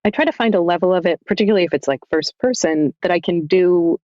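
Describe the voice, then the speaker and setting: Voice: mid-range voice, quick pace, dry recording. A narrator talks as a guest on a roundtable, rambling and full of "like" while working through an idea. The audio is a little dull and lo-fi, and the room sounds dry. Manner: chatty, full of "like", thinking out loud. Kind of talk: casual roundtable discussion.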